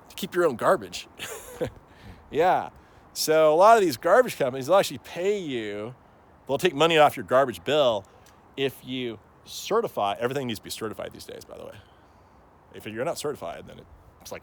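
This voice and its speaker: A man's voice: on the high side, animated, normal speed, pauses often, a little mellow. A man talking casually to camera as a plant grower, rambling and joking with lots of fillers and frequent chuckles. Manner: chuckles often.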